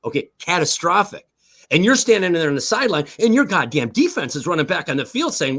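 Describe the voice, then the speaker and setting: A man with a fairly high voice argues hard about his team on a sports talk show. He leans on key words, repeats them and drops curses to make his point, speaking as someone who played the game. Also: sing-song, fairly quick, a bit bright.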